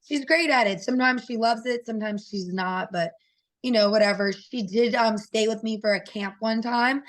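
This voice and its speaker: Woman telling family stories in an interview. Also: medium pitch. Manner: animated, acts out quoted voices of her kids. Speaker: guest fighter. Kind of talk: casual interview storytelling.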